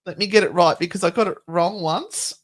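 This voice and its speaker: On a paranormal live stream, a middle-aged female co-host jokes casually and swears once in a while. Her voice is on the low side and her pace fairly quick.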